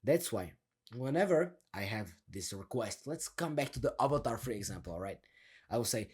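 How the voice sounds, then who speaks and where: A young man coaching casually on sounding confident, energetic and slangy, laughing often and demonstrating a deep, down-turned delivery. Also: moderate pace, husky.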